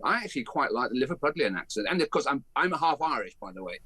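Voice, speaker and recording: An older man with a softened Birmingham accent, a guest on a talk radio show, speaking in an emphatic, animated and outspoken way. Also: medium pitch, fast, breathy edge, no echo. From Birmingham, England. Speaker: guest, education campaigner. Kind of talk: opinionated talk radio interview.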